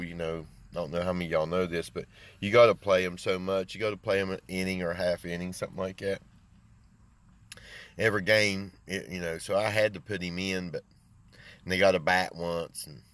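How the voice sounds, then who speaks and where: Older man, deep voice, casual folksy vlog chat, rambling, calls everyone "man". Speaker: small engine repair and lawn care business owner.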